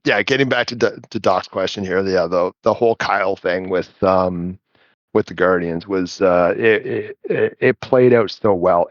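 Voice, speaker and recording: Low-voiced man telling a long story. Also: no room sound, lo-fi sound. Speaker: guest. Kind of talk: casual storytelling chat.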